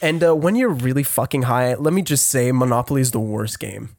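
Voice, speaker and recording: A young man with a French Canadian accent telling a story in casual chat, rambling and laughing with many halting restarts. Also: medium pitch, a little mellow, slight background noise. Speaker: podcast co-host.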